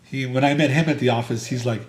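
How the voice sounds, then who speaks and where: A man's voice: mid-range voice, steady tone, fast talker. A man who created the comic, chatting casually and rambling as he comments on the film. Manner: laid-back, rambling, trailing off. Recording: faint background noise.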